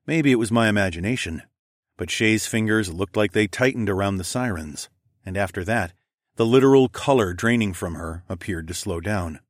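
A man narrating first-person fiction in a steady, measured storytelling way. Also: fairly low pitch, no room sound, clean studio sound. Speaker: audiobook narrator.

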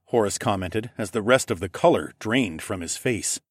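A man reading a novel aloud as an audiobook narrator, in a dramatic, animated reading style. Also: on the low side, moderate pace, no room sound, clean studio sound. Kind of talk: scripted narration.

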